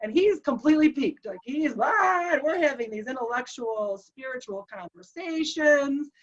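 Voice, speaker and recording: High-voiced woman telling a personal story. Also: normal speed, highs cut off. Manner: animated, acts out quoted dialogue.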